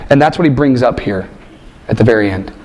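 A man's voice: mid-range voice, a little fast, a little mellow. A man preaching a sermon and reading scripture, emphatic, asking rhetorical questions and repeating phrases for stress.

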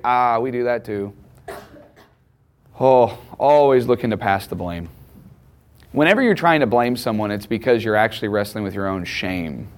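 A man's voice: mid-range voice, normal speed. Conversational man preaching a sermon. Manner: conversational, emphatic preaching with acted quotes. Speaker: pastor.

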